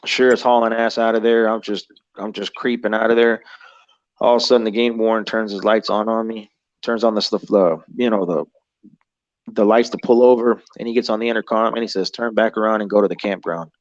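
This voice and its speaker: A man's voice: fairly low pitch, fairly even intonation, a little fast, no echo. A man in his thirties, a guest telling an encounter story in a rambling, profane way and acting out other people's lines. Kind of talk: casual storytelling. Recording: dull, muffled audio.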